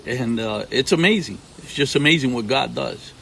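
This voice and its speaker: A middle-aged man from Puerto Rico, a ministry partner telling faith testimonies in an animated way, acting out what people said. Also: mid-range voice, moderate pace, creaky, a little hiss or hum, poor audio. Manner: animated storyteller, acts out quotes. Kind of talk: testimony talk. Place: outdoors at home.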